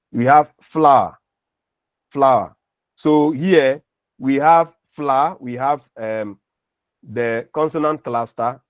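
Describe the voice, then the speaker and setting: A man's voice: mid-range voice, no room sound. A man lecturing on phonetics, patiently explaining and repeating example words. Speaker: university lecturer. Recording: dull lo-fi recording.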